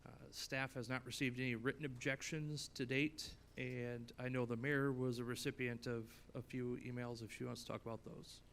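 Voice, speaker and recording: A man's voice: medium pitch, level tone, normal speed, hardly any pauses, fairly bright tone. A man on city staff giving a matter-of-fact, procedural report at a council meeting.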